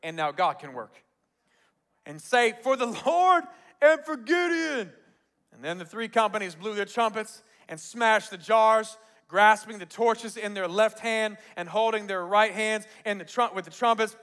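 A man's voice: sits high, unhurried, smooth. A man preaching a sermon as pastor, telling stories with acted-out quotes and frequent laughter. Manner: animated storytelling, acts out quotes, laughs often. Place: large church auditorium.

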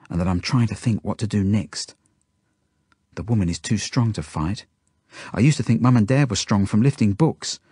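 A man's voice: lowish voice, darkish tone, husky, dry recording, clean studio sound. A man reading his own book aloud, telling it earnestly in the first person. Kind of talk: audiobook narration.

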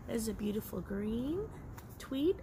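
A woman casually chatting about her yarn and knitting haul, excitable and quick to laugh. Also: a little high, background noise. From Los Angeles area. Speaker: craft vlogger.

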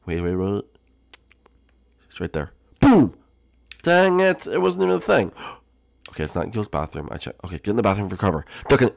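A man voicing a jumpy young male turtle prince in a game video role-play, swinging between hushed whispers and sudden shouts. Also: on the low side, very animated, brisk, gravelly, pauses often, dry recording, studio quality. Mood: jittery.

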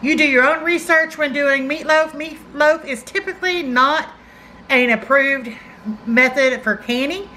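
Middle-aged Southern woman, cooking host, high and homey, easy chatty delivery, faint background hiss. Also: measured pace, bright, forceful tone, low-quality recording. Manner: folksy, chatty, says y'all. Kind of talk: casual cooking demonstration. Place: home kitchen.

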